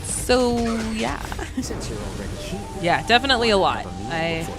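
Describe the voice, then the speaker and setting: Animated, chatty woman streamer. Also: medium pitch, measured pace. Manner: chatty and playful, greets chat, hums, laughs often. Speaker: streamer, virtual singer and gacha player. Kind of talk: casual live-stream chat while gaming. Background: background music.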